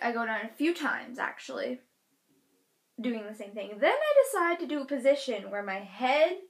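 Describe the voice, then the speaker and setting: A teenage girl telling a storytime vlog, animated, acting out quotes with loud shouted bursts. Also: fairly high pitch. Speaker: vlogger.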